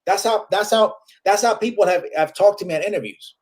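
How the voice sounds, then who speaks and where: A man, chatting casually as a comedian guest in an interview. His voice sits a bit high, and he flips freely between Spanish and English while acting out the people he quotes. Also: brisk, darkish tone. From Puerto Rico.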